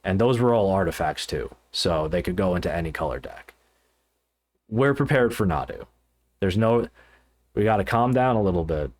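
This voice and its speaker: Halting, low-voiced podcast man. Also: lively intonation. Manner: halting, with many fillers and restarts. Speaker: podcast co-host. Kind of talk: casual podcast chat about card games.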